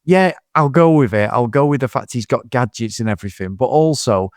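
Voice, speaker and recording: A man's voice: medium pitch, brisk, dry recording. A man on a podcast, talking loosely about a film he loves to mock, with plenty of swearing and little acted-out bits of dialogue. His voice sits in a middle range and sounds close and dry, with no room around it. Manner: swearing, animated, acts out scenes in quotes. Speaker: podcast co-host. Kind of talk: casual film review chat.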